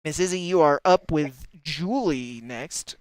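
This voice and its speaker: A man's voice: on the high side, a little slow, smooth, dry recording. Wry male host reading a story. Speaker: podcast host and reader. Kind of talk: reading fiction aloud on a livestream.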